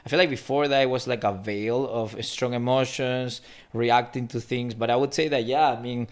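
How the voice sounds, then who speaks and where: A man's voice: medium pitch, fairly even intonation, moderate pace. A man in his thirties from Peru, with a mixed Peruvian and Spanish accent, speaking Spanish natively, talking reflectively as a guest in a casual interview. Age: 30s. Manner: reflective, frequent restarts and fillers. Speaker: guest philosopher.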